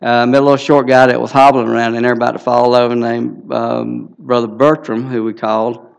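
A man's voice: medium pitch, flat delivery, brisk, creaky, clean tone. A man in his sixties with a Southern US accent, telling a folksy church testimony with many fillers. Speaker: guest speaker.

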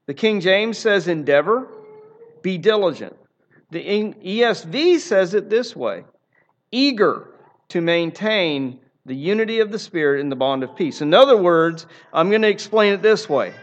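A man's voice: sits high, animated, moderate pace, muffled recording. A man preaching a sermon in an earnest, emphatic way, often repeating phrases for emphasis. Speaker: pastor.

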